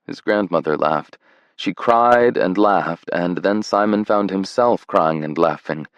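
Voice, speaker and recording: A man reading a romance audiobook in a measured, tender scripted narration. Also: sits low, no room sound, dull audio.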